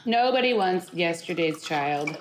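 A woman's voice: on the low side, expressive, a little slow, a little hiss or hum. A woman from Indianapolis co-hosting a comedy podcast, trading dry, playful quips. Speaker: podcast co-host. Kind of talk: casual comedic chat.

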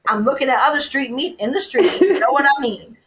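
A woman from New Orleans, a podcast guest, telling stories in an animated way and mimicking other people's voices. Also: sits high, fairly quick, slight background noise, poor audio. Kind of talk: casual storytelling chat.

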